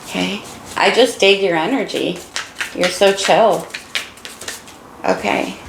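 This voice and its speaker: Gravelly-voiced woman reading tarot cards. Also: mid-range voice, slow, roomy sound, noisy background. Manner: warm, encouraging, emotional. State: losing her voice. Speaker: tarot reader.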